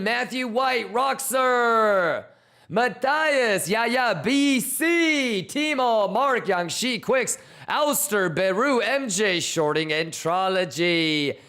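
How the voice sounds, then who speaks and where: A man hosting a casual crypto trading livestream, reading out chat names with loose, slangy, hyped shout-outs. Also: extremely high pitch.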